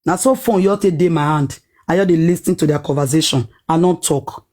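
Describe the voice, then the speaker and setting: A woman with a Nigerian Pidgin accent telling a personal story in a lively, dramatic way, acting out what people said. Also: sits low, fairly quick. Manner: animated, dramatic retelling with acted-out quotes.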